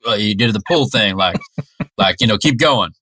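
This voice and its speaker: A man's voice: on the low side, normal speed, pushed and bright, dry recording. A man in an improv comedy sketch, talking in a laid-back, grumbling way.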